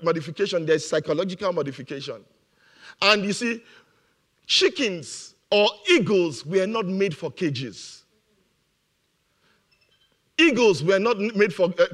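A man's voice: sits high, a bit bright. A man preaching a motivational sermon, emphatic and repeating his key phrases, laughing now and then at his own jokes.

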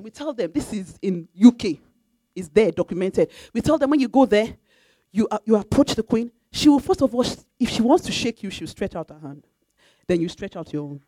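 A woman's voice: on the high side, very animated, fairly quick, dark tone, dry recording. A woman preaching a sermon in an emphatic, repetitive way, now and then breaking into sung phrases. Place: church.

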